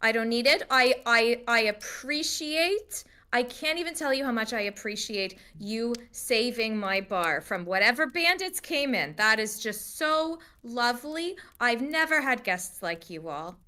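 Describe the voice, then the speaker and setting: A woman's voice: a little high, lively intonation, a little slow, few pauses, pushed and bright, clear, resonant tone. A woman voicing a kindly female innkeeper who stammers and gushes with gratitude, in her own home accent. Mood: grateful. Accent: the DM's own home accent. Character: kindly fussing female innkeeper, grateful and generous.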